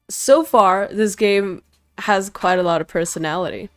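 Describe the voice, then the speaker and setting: A woman's voice: fairly low pitch, normal speed, clear, resonant tone, dry recording, soft background music. A young woman streaming a game live, chatting casually with her chat and reading story text aloud in a playful, talkative way. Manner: chatty, switches languages, greets chat playfully. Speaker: vtuber streamer.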